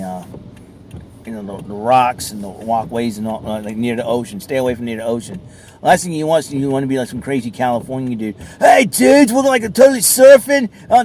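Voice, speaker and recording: A man's voice: mid-range voice, darkish tone, slight background noise. A man chatting casually while sitting in his car at a mall, rambling along with lots of fillers. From southern New England. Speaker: vlogger. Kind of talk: casual chat.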